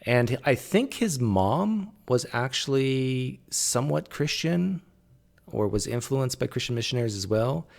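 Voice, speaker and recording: A man's voice: medium pitch, lively intonation, a little slow, creaky, darkish tone. A man commentating casually on a clip, thinking aloud with frequent fillers and restarts. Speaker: video commentator.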